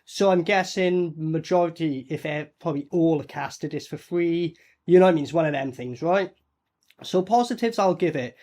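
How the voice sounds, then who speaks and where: A man reviewing a low-budget horror film in a blunt, sweary, mocking way. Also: normal speed, a little mellow. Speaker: movie reviewer. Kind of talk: casual reaction commentary.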